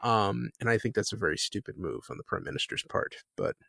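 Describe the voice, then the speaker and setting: A man's voice: lowish voice, animated, fairly quick, vocal fry, sharp tone, no room sound, clean studio sound. A man co-hosting a podcast in casual chat, rambling with many restarts and laughs. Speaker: podcast co-host.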